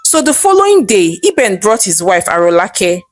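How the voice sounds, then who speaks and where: A woman with a Nigerian accent narrating a folktale in a lively, chatty way. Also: medium pitch, moderate pace. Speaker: storyteller. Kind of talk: storytelling narration.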